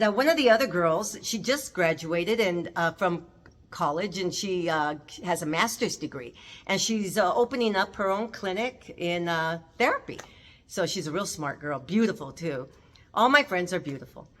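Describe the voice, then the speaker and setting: A woman's voice: mid-range voice, fairly bright tone. Chatty woman with lots of "uh" fillers. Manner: chatty, rambling with many "uh" fillers. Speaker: cooking vlogger hosting a house tour. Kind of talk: casual vlog chat. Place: her home courtyard, outdoors. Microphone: camera held by her nephew.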